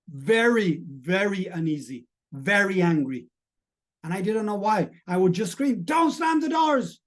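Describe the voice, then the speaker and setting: A man's voice: high voice, darkish tone. A middle-aged man, a mindset coach, giving an earnest, emphatic live-streamed motivational talk and asking the chat audience questions.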